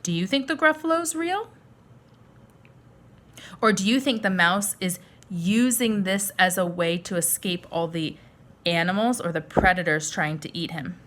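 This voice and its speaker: A teacher reading a picture book aloud to young children and asking them questions. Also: female voice, fairly low pitch, unhurried, a bit bright. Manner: friendly questions to young listeners. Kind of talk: children's story read-aloud lesson.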